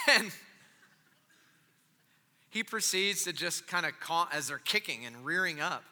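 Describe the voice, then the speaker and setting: A man preaching a sermon as he tells a story, animated and then softly gentle. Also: a little high, measured pace, long pauses, long reverb tail. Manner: animated, drops to soft gentle tones. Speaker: pastor.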